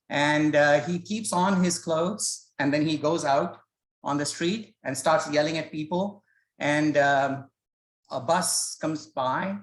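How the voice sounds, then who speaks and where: Recorded on his own, a man leads a scripture study, explaining passages in a hesitant, conversational way and weaving stories in, like an informal spoken lecture. His voice sits a little high and moves at a slow pace. The room is echoey and the audio is poor.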